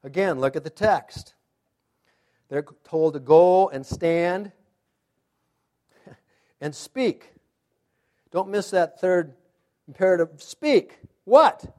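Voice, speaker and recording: A male pastor preaching a sermon with emphatic rhetorical questions, swinging between loud pushes and quiet asides. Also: sits high, slow pace, pauses often.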